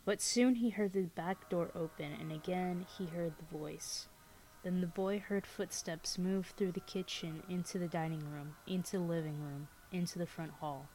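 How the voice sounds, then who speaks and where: A young woman co-hosting a podcast, reading a scary story aloud in a laid-back, unhurried way, and chatting casually. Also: fairly low pitch, steady tone, dark tone, a little hiss or hum, rough recording. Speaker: podcast co-host.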